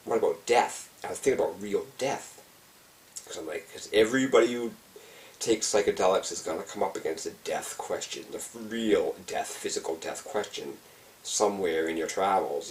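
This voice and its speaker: A man's voice: deep voice, normal speed, darkish tone, far from the mic, poor audio. A man telling a personal story in a casual, intense, heavily profane way, acting out his own frantic thoughts. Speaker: vlogger. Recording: voice set back from the mic.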